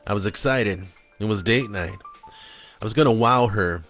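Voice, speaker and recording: Low-voiced man reading his own dark prose. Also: moderate pace, faint music behind. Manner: confessional, blunt storytelling.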